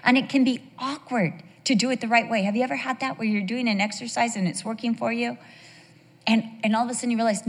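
An American women's devotional speaker, middle-aged, gives a sermon packed with personal stories, chatting with and questioning her audience. Her voice is on the high side and steady, and she talks fast, with the long reverb of a large hall around her.

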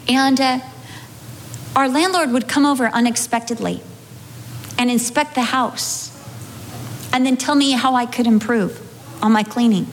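Animated high-voiced woman storyteller. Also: unhurried, pauses often. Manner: animated, acts out scenes with sudden dramatic shifts. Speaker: pastor's wife telling a personal story. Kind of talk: humorous storytelling talk. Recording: echoey hall with faint background noise.

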